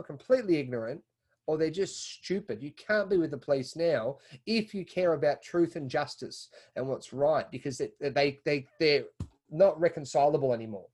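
A man's voice: a little high, a little mellow, breathy edge. A man with an Australian accent, talking animatedly in a casual podcast conversation, often repeating words as he builds his point. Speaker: podcast guest.

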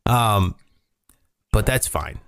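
A gravelly, lowish voice that draws out its words belongs to a morning show host. On his casual comedy talk show he tells stories with great energy and swears freely.

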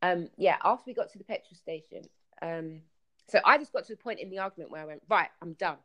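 Brief: woman, storytelling guest on a call-in podcast, animated, plays out dialogue. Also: on the low side, fast talker. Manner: animated storyteller, acts out quotes. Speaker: guest telling travel stories. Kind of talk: casual podcast chat.

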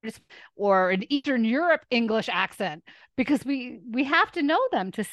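A woman from the Northeast, a teacher chatting as an interview guest, lively and quick with frequent laughs. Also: a little high, dry recording. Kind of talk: casual interview chat.

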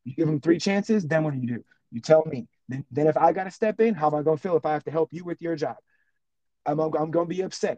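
Fast-talking animated male teacher. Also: a little high, no room sound, dull audio. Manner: animated storyteller, acts out classroom exchanges. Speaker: teacher and podcast co-host. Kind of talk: casual podcast chat.

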